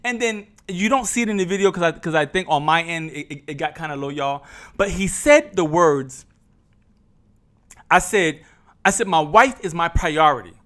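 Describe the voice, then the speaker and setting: A man's voice: fairly high pitch, moderate pace, fairly bright tone. A middle-aged man from New Jersey telling a personal story to his viewers like a sermon, calling them brothers and sisters, repeating himself and acting out what people said. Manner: repeats and restarts, acts out quoted voices. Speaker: vlogger.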